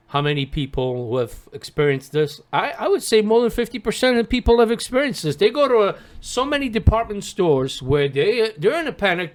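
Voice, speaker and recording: A man co-hosting a casual podcast, telling stories in an animated way. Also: sits high. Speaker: podcast co-host. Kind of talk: casual chat.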